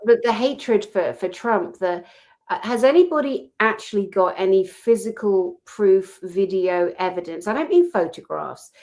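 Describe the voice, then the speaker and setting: A woman co-hosting a casual chat, speaking in a passionate, outspoken, animated storytelling manner. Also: mid-range voice, a little slow. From Britain. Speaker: co-host.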